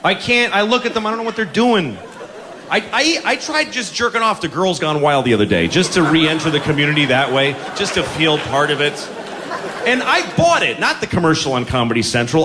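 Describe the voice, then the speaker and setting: A man doing stand-up, ranting with exasperated mock outrage on a comedy stage. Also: fairly high pitch. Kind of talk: stand-up set. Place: comedy stage before an audience. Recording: live club with loud crowd and noise.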